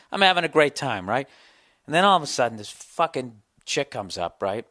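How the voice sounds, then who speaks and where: Profane ranting comedian, dry close sound. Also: male voice, mid-range voice, normal speed, no room sound. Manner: profane, ranting, animated storytelling. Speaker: comedian podcast host. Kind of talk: casual storytelling monologue.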